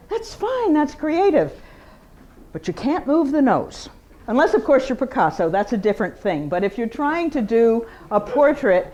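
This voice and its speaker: A woman who paints portraits, giving an informal, chatty talk about her work to a live audience in an art gallery, with big swings of pitch for emphasis. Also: a little mellow, muffled recording.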